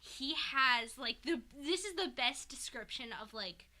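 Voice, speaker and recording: A young woman co-hosting a podcast, recapping a story in a rambling, animated way, full of "like" and casual swearing. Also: sits high, unhurried. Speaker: podcast co-host recapping a fanfic. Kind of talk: casual chat.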